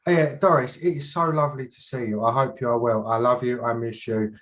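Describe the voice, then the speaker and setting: A man's voice: medium pitch, fairly even intonation, a little fast, fairly bright tone. A man with an English accent, a guest on a casual online panel, joking crudely in a mock-formal polite manner.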